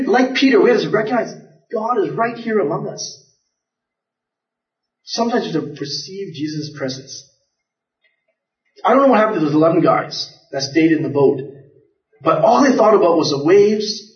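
Earnest preacher in an echoey church. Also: male voice, a little high. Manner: earnest storytelling preacher, repeats words and restarts. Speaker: pastor. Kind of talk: sermon. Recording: echoey, distant, dull church recording.

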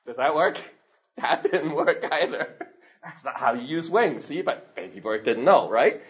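A male pastor telling a story from the pulpit in a fairly high voice. He is lively, laughs often and keeps checking in with his listeners. The recording is dull and lo-fi. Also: measured pace. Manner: animated, laughs often, asks the audience questions. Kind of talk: sermon storytelling.

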